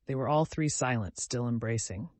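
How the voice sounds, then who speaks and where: A man narrating a classic novel as an audiobook, reading in a measured storytelling manner and lightly voicing the characters. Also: medium pitch, no echo. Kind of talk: scripted narration.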